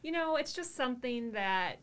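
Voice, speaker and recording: A woman's voice: fairly high pitch, lively intonation, fairly bright tone, clean tone. Friendly woman podcast host. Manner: friendly questioning, quick affirmations. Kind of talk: casual interview.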